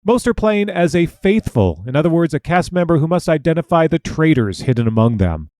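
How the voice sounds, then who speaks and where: A man hosting a podcast, reading a smooth scripted introduction of the show and its guest. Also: fairly high pitch, very animated, brisk, a little mellow, no echo. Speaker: podcast host.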